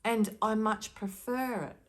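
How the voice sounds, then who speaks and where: A woman's voice: medium pitch, fairly even intonation, measured pace. A woman speaking directly to camera as a spiritual card reader, giving earnest, emphatic advice.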